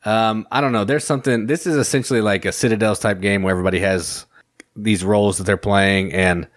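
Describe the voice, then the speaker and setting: A man co-hosting a casual board game talk in a relaxed, agreeable way. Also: fairly low pitch, a little fast, no room sound, clean studio sound. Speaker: podcast co-host. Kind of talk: casual chat.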